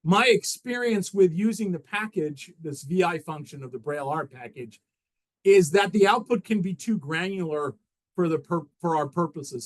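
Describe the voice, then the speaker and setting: A man talking through slides at a technical seminar. His voice sits a little high for a man. He speaks haltingly, restarting phrases and filling gaps with "uh" as he explains each step. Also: poor audio. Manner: halting, frequent restarts and fillers while walking through slides. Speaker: presenter.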